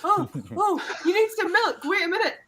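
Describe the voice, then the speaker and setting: A woman's voice: extremely high pitch, moderate pace. A woman voicing a giddy, shrieking sausage roller coaster in live improv comedy. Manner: shrieking, excitable. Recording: noisy live stream.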